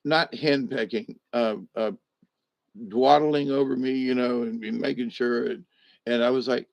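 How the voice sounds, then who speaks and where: An older man chatting casually to his viewers, drowsy and a little medicated after a hospital stay, meandering and halting with many restarts. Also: mid-range voice, gravelly, no echo. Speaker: vlogger talking to live chat. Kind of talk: rambling casual chat to viewers. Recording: dry, dull lo-fi home recording.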